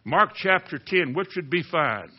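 A fervent man preaching to his congregation, swinging from hushed asides to fiery, near-shouted pleas. His voice sits fairly high for a man. The recording is dull and muffled, like an old radio broadcast. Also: expressive, unhurried, husky. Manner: passionate, rising to near-shouting then dropping low. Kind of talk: sermon.

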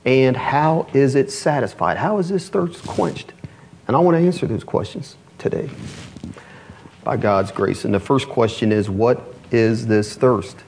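A male pastor preaching a sermon, reading quotations slowly and rising in emphasis on key phrases. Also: mid-range voice, creaky, darkish tone, slight background noise. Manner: reads quotations aloud slowly and deliberately.

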